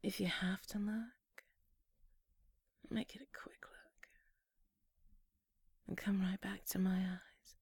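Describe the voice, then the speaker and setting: Breathy, seductive whispered role-play woman. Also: mid-range voice, flat delivery, slow, long pauses, dry recording.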